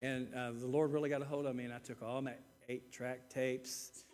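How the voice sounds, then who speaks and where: A man in his sixties preaching a sermon, earnest and repeating words, swinging between loud emphasis and quiet asides. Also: medium pitch, flat delivery, normal speed. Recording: reverberant church hall.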